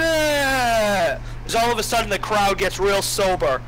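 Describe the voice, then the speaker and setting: A woman narrating as game master of a tabletop game, animated and shouting out crowd voices. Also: medium pitch, a little slow, noisy background.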